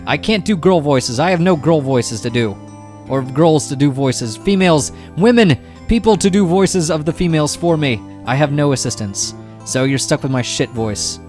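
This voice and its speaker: A man's voice: on the high side, lively intonation, normal speed, a little mellow, faint music behind. A man streaming a game, giving casual, rambling commentary full of jokes and swearing. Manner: joking, profane, rambling.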